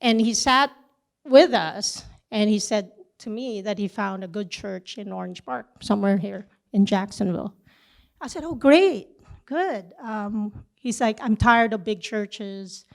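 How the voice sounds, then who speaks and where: A middle-aged woman teaching a church session, telling a personal story with lively back-and-forth dialogue. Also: medium pitch, a little slow, creaky. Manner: animated storytelling, acting out both sides of a conversation.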